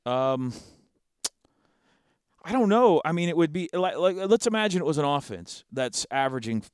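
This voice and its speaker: An animated man co-hosting a football talk show, his voice swinging up and down as he riffs and laughs between restarted sentences. The tone is smooth and resonant. The sound is close and dry. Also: fairly high pitch, moderate pace, no echo. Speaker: sports talk host. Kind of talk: casual sports chat.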